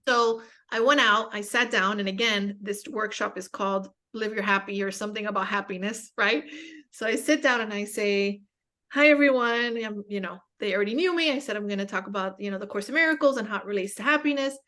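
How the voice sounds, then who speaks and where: A woman's voice: mid-range voice, fairly quick, bright, forceful tone. A young woman speaking as a guest in a casual spiritual conversation, telling stories candidly with self-mocking humor and many fillers.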